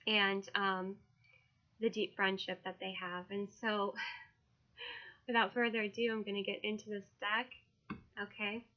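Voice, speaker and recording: A woman who reads tarot and is launching her own card deck, talking casually, emotionally and haltingly, with many fillers. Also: mid-range voice, level tone, dull audio. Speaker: tarot reader and deck creator. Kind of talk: casual video walkthrough.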